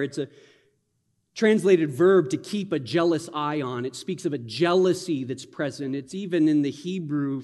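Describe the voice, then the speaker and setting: A middle-aged male pastor preaching a sermon in an animated, conversational way with frequent restarts. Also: medium pitch, big-room sound.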